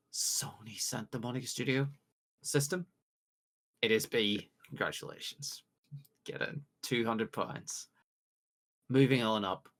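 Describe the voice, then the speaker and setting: A man from the UK hosting a casual podcast quiz, joking along and reading out multiple-choice questions with drawn-out pauses. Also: medium pitch, fairly bright tone. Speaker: quiz host.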